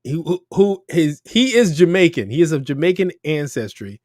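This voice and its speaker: An animated man hosting a casual chat show, talking emphatically and dropping swear words. His voice sits on the higher side. The sound is dry and close, with no room echo. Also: normal speed. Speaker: podcast host.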